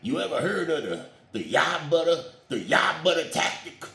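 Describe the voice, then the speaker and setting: Man voicing a sly preacher character, wheedling and smug, lively pitch, echoey room. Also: normal speed, creaky, exaggerated voice. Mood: smug, scheming. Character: sly scheming male pastor toying with followers.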